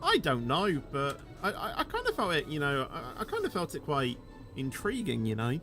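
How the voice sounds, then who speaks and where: This game streamer talks at a moderate pace in a voice on the high side, swinging widely in pitch while music plays underneath. His casual livestream chatter wanders, is full of "you know," and ends sentences on an upward lilt.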